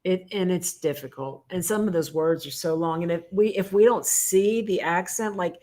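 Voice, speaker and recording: An American woman co-hosting a casual livestream, chatty and quick to laugh, her voice rising in animated stretches. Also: fairly low pitch. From United States. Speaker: co-host of a livestream.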